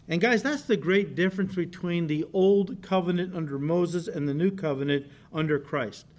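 A man preaching a sermon as a pastor, animated, often stopping to say "listen" and "okay". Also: high-pitched.

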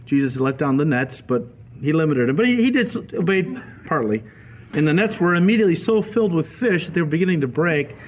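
A male pastor giving a radio Bible teaching sermon, telling the stories in a lively way and acting out the quoted voices. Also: on the high side, a little fast, a little hiss or hum. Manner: animated storytelling, acts out quoted voices.

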